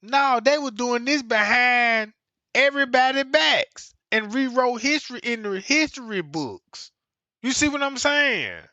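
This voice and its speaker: A man's voice: very high voice, animated, unhurried, pushed and bright, dry recording, dull audio. A man streaming to viewers, ranting in a casual, slangy, emphatic way and repeating himself.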